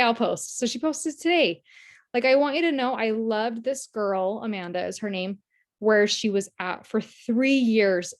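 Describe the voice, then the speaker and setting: A woman team leader giving a casual, earnest motivational talk on a video call, telling stories and acting out quoted lines. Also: mid-range voice. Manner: chatty, earnest, storytelling with quoted voices.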